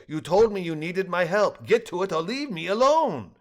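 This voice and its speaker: A man's voice: high voice, expressive, moderate pace, voice pushed up. An older man voicing a curt, guarded male doctor of engineering in a read-aloud story. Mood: wary.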